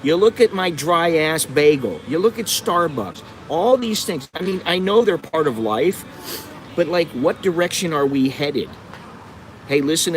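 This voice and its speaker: An American middle-aged vlogger rants on a live stream, swearing heavily and telling blunt, digressive stories. His medium-pitched voice is picked up by a phone on a windowsill indoors, with city traffic outside, slight background noise and a rough recording.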